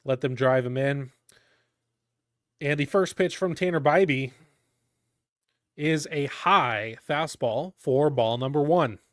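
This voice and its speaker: A man giving live fan play-by-play of a baseball game, calm between pitches and shouting on big plays. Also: slow, pauses often, no echo, studio quality. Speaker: fan commentator.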